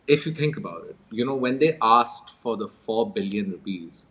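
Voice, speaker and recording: A man's voice: fairly low pitch, animated, moderate pace, a bit bright. A man from Pakistan, an interview guest telling his story in a wry, amused way and chuckling often. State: coughing with a cold. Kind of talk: conversational storytelling.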